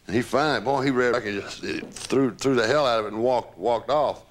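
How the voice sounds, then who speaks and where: An older man recounting old days in an interview, mid-pitched and lively. He tells stories with laughs and some rough language. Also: fairly quick. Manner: animated storyteller, laughs, swears.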